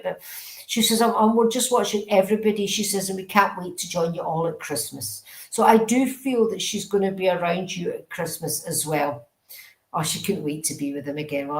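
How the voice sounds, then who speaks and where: A woman's voice: mid-range voice, echoey room, rough recording. A woman, a medium giving live readings online. She relays spirit messages earnestly and keeps checking in with the sitter. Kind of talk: live-stream psychic reading.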